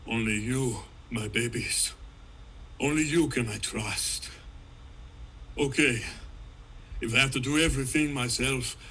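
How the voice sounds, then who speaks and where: A man voicing a gruff male mad scientist with mechanical arms in a comedy table read, doing a heavy accented movie-strongman growl. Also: mid-range voice, bright, forceful tone, a little hiss or hum, heavily acted. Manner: Arnold Schwarzenegger impression, heavy accented growl.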